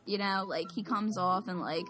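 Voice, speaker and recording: A woman's voice: mid-range voice, moderate pace, over music. A woman telling a story in casual chat, rambling and peppering her talk with "like". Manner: rambling, heavy use of "like", chatty.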